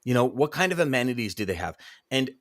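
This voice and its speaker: A man co-hosting a live sales show in a casual, emphatic way. He tells stories with repeated words for stress. His voice sits at an ordinary middle pitch. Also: quick pace. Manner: animated storyteller, emphatic repetitions. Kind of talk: casual live-stream chat.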